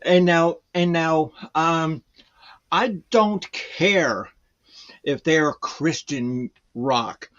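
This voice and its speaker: A man's voice: fairly high pitch, drawn-out words, fairly bright tone, muffled recording. A man guest chatting casually in a rambling, hesitant way, full of fillers. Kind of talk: casual chat.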